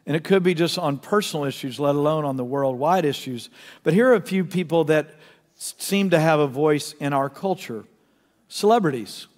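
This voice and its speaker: Man, middle-aged, pastor, sermon, earnest storytelling, soft to loud, long reverb of a large hall. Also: a little high.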